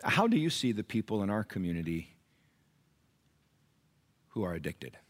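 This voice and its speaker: A middle-aged pastor delivers a sermon at a moderate pace in a sing-song manner, shifting from quiet storytelling to loud, high-pitched exhortation.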